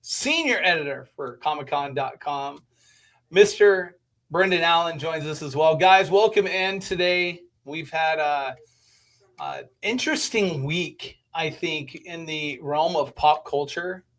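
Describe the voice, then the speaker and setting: A man's voice: fairly high pitch, a little slow, a bit bright. Chatty podcast host man. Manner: upbeat, chatty introductions with fillers. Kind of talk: casual podcast chat.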